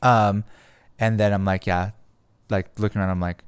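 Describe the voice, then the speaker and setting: Young guy rambling on a podcast, lowish smooth voice, lots of likes and swearing, dry close mic. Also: little pitch movement, moderate pace, dry recording. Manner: rambling, heavy on "like" fillers, swears freely. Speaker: podcast host. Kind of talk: casual storytelling.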